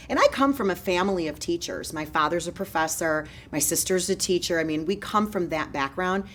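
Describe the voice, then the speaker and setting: A woman in her forties, a real estate broker, telling her story in an energetic, fast-moving interview style. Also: low-pitched, a little hiss or hum.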